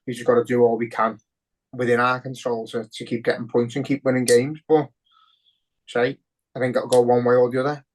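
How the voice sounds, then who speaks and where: A man's voice: mid-range voice, level tone, brisk. Sweary Scouse man ranting. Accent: Liverpool. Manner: heavy swearing, emotional and ranting. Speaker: podcast co-host. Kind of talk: casual podcast chat.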